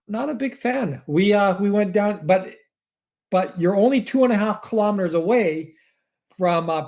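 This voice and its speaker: A man co-hosting a casual podcast as a mortgage broker, talking in a rambling, relaxed way. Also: high voice. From Canada. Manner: rambling, many fillers and restarts, relaxed.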